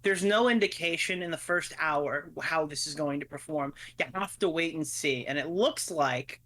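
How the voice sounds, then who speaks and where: Man, fairly high voice, bright tone, chatty co-host explaining things. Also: normal speed. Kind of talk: casual livestream chat.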